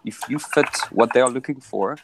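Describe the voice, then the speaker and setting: A man's voice: medium pitch, normal speed, noisy background. A man chatting casually on a video call, telling a long story with many restarts. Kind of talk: casual chat.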